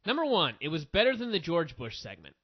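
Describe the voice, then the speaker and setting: Animated man reviewing wrestling, lo-fi. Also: on the high side, husky. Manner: animated, opinionated, quick asides. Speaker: wrestling review podcast host. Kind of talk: casual review chat. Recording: dull lo-fi audio.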